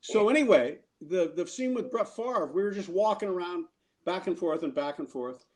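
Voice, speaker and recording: A man telling a rambling showbiz story on a talk show in a slightly high voice. He trips over his words here and there and throws himself into the voices of the people in his tale. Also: moderate pace. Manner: animated storyteller who acts out other people's lines. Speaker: guest actor. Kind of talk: casual anecdote telling.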